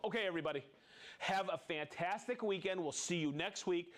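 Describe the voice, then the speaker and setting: A man's voice: sits high, brisk. A man hosting a live product show in casual chat, jovial and chatty, reading out viewer names and laughing often.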